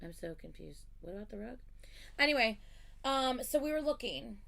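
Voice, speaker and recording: A woman's voice: a little high, very animated, normal speed, creaky, a bit bright. A woman hosting a livestream, chatting casually and animatedly as she tells a story, swearing freely. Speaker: livestream host.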